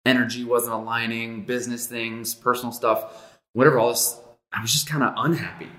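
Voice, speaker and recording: A man's voice: medium pitch, little pitch movement, a little fast, bright, forceful tone. A man co-hosting a casual podcast chat, speaking reflectively and personally with fillers. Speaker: podcast co-host. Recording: echoey room.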